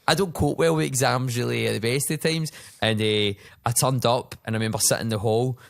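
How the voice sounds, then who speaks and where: A young Scottish man talks quickly and loosely, piling up fillers and acting out the people in his stories. He sounds close and dry, like a podcast chat at a table. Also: mid-range voice, fairly even intonation, vocal fry, no room sound. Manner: rambling storyteller, acts out voices in anecdotes. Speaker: personal trainer and podcast host. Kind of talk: casual chat.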